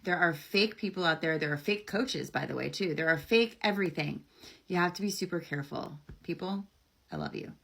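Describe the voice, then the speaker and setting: A woman telling a candid story about nearly getting scammed, in an animated, cautionary way. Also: lowish voice, fairly quick, gravelly, a little hiss or hum. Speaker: content creator. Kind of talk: casual storytime vlog.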